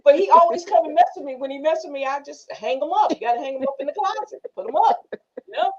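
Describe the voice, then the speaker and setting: Leading a relaxed group discussion, this class host from the northern US laughs frequently and tells her stories with animation. She speaks quickly in a high-pitched voice with a somewhat dark tone, captured on a muffled, lo-fi recording.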